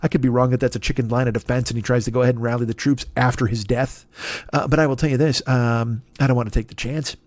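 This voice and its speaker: A man in his forties hosting a solo comedy podcast, ranting in a profane, animated monologue and laughing at his own jokes. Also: mid-range voice, fast, no echo. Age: 40s. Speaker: podcast host.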